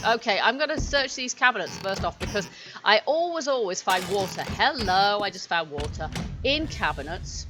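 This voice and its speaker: A woman's voice: mid-range voice, animated, moderate pace, music in the background. A woman hosting a co-op game session, chatting casually and laughing often. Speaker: let's-play host. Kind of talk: casual gaming chat. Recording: background noise.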